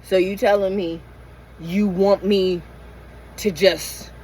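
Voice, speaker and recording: A woman's voice: medium pitch, steady tone, takes it slowly, mellow, a little hiss or hum, rough recording. Middle-aged woman venting raw and profane. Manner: raw, emotional, profane venting with many restarts. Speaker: van-life vlogger. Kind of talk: candid late-night vlog rant. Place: inside her parked van.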